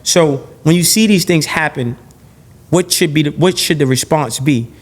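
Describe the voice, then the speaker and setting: A man with a notably high-pitched voice holds forth as a podcast guest in a heated interview. He talks in an animated rush, stacking and repeating phrases, restarting sentences and swearing bluntly. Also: normal speed. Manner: blunt and profane.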